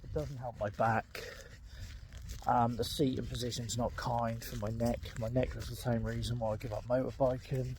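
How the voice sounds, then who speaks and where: A man's voice: medium pitch, little pitch movement, moderate pace, a little mellow, slight background noise. A middle-aged man, in pain and limping, talking candidly with lots of ums while walking his dog outdoors, recorded on an earbud mic. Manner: candid, rambling, frequent ums. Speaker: vlogger. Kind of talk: casual walking vlog.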